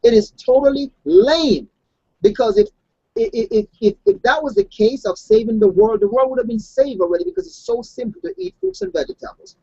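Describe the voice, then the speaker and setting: A man's voice: very high-pitched, fairly quick, vocal fry, no room sound, lo-fi sound. A man who grew up outside the United States, a health coach, telling stories in a casual online discussion with lots of restarts. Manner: animated storytelling with restarts.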